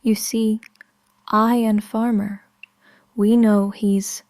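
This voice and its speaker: A woman narrating a story in the first person, in a slow, hushed way that often drops to a whisper. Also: medium pitch, little pitch movement, dry recording, clean studio sound.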